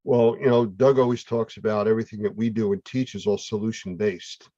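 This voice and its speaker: A man's voice: lowish voice, steady tone, fairly quick, warm tone, dry recording. A man hosting a casual online chat, talking in a conversational, explanatory way. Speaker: host. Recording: dull, dry lo-fi sound.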